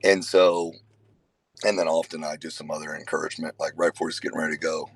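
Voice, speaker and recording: A man, a father and youth wrestling coach, talking casually to a group, telling stories earnestly with sudden emphatic loud bursts and conversational fillers. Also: rumbling low, flat delivery, quick pace, vocal fry, husky, low-quality recording.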